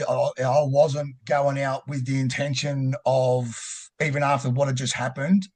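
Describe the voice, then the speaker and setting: A man with an Australian accent telling a personal story in a halting, rambling way, swearing freely. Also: medium pitch. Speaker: podcast guest.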